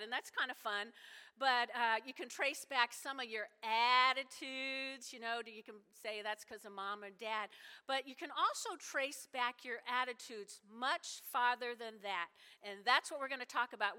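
A woman pastor preaching a sermon, telling animated stories and talking directly to her congregation. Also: on the high side, clear, resonant tone. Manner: animated storytelling with asides to the congregation. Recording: hall reverb.

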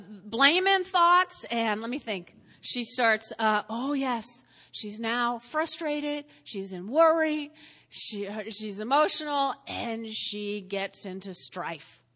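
A woman teaching a lively Bible lesson to a live group, acting out scenes and chatting with her listeners in a church meeting room. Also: high voice. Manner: animated, acts out scenes, chatty asides to listeners. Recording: reverberant hall.

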